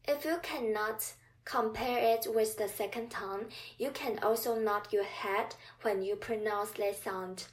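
Slow, patient Mandarin tutor woman. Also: medium pitch, steady tone. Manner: repeats drill sounds, prompts listener to repeat. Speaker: Mandarin tone teacher. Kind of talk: slow, patient language lesson.

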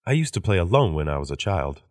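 A man reading English practice sentences aloud in a measured way for learners. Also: low-pitched, sing-song, a little mellow, no room sound, clean studio sound. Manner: measured, repeats each sentence after the woman. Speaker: English phrase reader.

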